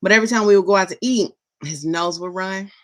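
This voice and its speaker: A woman's voice: medium pitch, quick pace, a bit bright. A middle-aged woman vlogging in a rambling, chatty and enthusiastic way. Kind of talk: casual chat.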